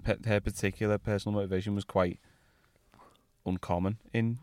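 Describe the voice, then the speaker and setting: A man's voice: on the low side, little pitch movement, a little fast, darkish tone, no room sound. A young man co-hosting a casual film review chat, hesitant and often restarting his sentences. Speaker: film podcast co-host.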